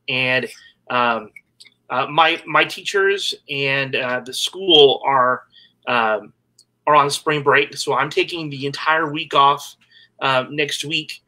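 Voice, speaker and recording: Upbeat guy cohosting a podcast, bright slightly high voice, lots of ums. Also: poor audio. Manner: chatty, upbeat, lots of fillers. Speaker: podcast co-host. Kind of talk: casual chat.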